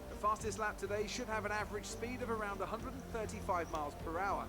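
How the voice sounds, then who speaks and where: A man's voice: high-pitched, fast, natural voice. A man voicing an upbeat race commentator in polished, scripted broadcast-style sports commentary. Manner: grand, announcer-style delivery. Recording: game audio with music. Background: game music.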